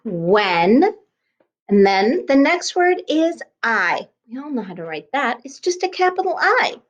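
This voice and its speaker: A woman teaching a kindergarten class by video, speaking slowly in a sing-song way and sounding out words letter by letter. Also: high voice, big pitch swings, highs cut off. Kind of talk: remote lesson for young children.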